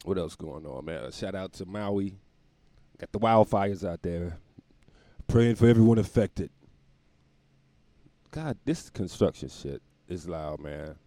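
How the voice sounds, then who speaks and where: Guy hosting his own show from home, rambly and jokey, pitch bouncing all over, dry close sound. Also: expressive, unhurried, pauses often, dark tone, no echo. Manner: rambling, joking, laughs at his own jokes. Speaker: podcast host. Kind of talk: casual comedic monologue. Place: room at home near windows.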